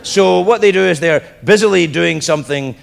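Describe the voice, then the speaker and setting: A man doing stand-up comedy, telling a story with shouted punchlines and mimicked voices, recorded live in a club with laughter behind him. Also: on the high side, normal speed, gravelly. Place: comedy club stage with audience.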